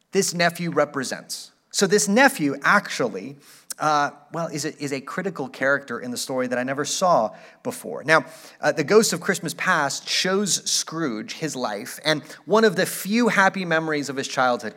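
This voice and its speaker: A man's voice: on the high side, fairly bright tone. A man preaching a sermon as pastor, earnest and inviting, and reading aloud from a classic story.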